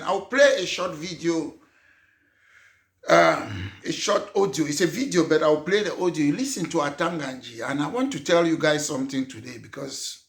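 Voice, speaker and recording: A man's voice: a little high, gravelly. A man from Cameroon, a political party leader giving an emphatic address to an audience and posing rhetorical questions. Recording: roomy echo.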